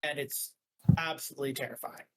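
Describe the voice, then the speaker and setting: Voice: mid-range voice, steady tone, brisk, a bit bright, a little hiss or hum, poor audio. A game master narrating a tabletop game in a rambling casual way, full of filler words.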